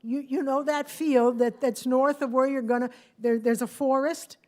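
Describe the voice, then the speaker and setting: A woman's voice: high voice, steady tone, normal speed, a little mellow, pitched above the performer's own voice, natural voice. A woman storyteller voicing a male aviator who anxiously pleads with a friend, in a raised, urgent voice. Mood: urgent pleading.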